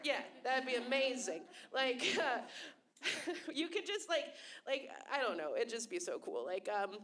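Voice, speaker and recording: Speaking unhurriedly in a slightly high voice, a young woman works a club stage with a handheld mic. Her stand-up is self-deprecating and deadpan, punctuated by sudden loud outbursts.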